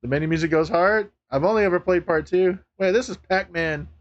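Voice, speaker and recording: A man streaming live, chatting casually to viewers, laughing often, swearing and getting excitable. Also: high-pitched, brisk, dull audio.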